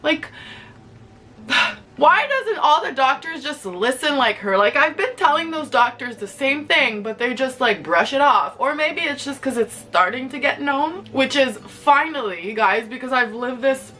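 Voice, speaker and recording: A woman's voice: high-pitched, big pitch swings, unhurried, sharp tone. A young woman at home speaking candidly to camera in a rambling vlog, full of "like" fillers and restarts. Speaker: vlogger. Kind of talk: candid personal confession to camera.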